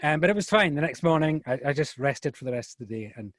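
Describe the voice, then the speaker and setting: A man's voice: a little high, animated, fast talker, fairly bright tone, dry recording, studio quality. A man who narrates audiobooks, reading a tense scene aloud and then chatting in a rambling, self-deprecating way. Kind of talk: dramatic reading then casual chat.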